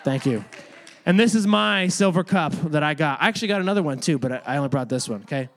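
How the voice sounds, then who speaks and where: High-voiced man, chatty youth pastor. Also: expressive, fast talker, faint music behind. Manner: chatty, joking, many filler "like"s; addresses and manages kids in the room. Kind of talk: casual youth sermon. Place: youth group room with children.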